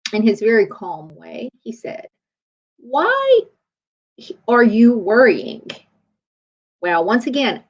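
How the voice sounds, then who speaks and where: A middle-aged woman chiropractor giving a faith-based motivational talk in a conversational, storytelling way. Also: medium pitch. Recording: dull lo-fi recording.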